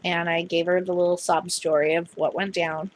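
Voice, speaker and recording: A woman's voice: on the low side, flat delivery, normal speed. A young adult woman vlogging in a casual, chatty way, retelling a phone call at length. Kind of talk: casual chat.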